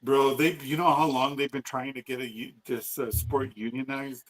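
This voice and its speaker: A man's voice: mid-range voice, steady tone, normal speed, rough recording. A man co-hosting a podcast, chatting casually and bluntly, cursing as he rants. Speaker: podcast co-host. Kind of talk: casual chat.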